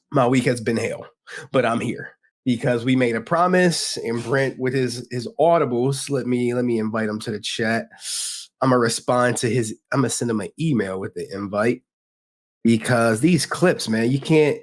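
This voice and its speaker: Talking directly to his chat, this male streamer keeps things loose and jokey, full of slang, in a casual livestream conversation. He has a medium pitch and speaks at normal speed.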